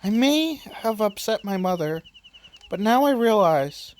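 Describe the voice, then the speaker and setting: A man voicing an earnest young princess who speaks with soft, sincere resolve. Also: high voice, very animated, measured pace, voice pushed up. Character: earnest young princess, gentle but determined.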